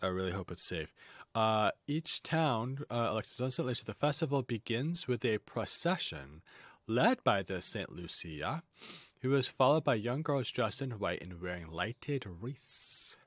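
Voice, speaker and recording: A man with a lowish voice reads aloud in a casual lesson, breaking off into chatty, jokey asides. His pitch swings up and down a lot as he talks. The sound is dry and close. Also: very animated, a little slow, fairly bright tone, no room sound. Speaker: host.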